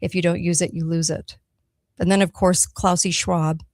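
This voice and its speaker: A woman's voice: fairly low pitch, flat delivery, moderate pace, darkish tone, no echo, studio quality. A woman hosting a radio talk show, speaking emphatically and checking in with her listeners as she goes. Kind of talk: solo talk radio monologue.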